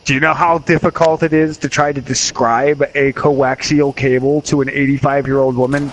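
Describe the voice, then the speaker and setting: While streaming a video game, a man with a medium-pitched, flat voice chats casually at a moderate pace, telling rambling stories and chuckling often. Game gunfire and explosions are clearly audible behind him, adding slight background noise.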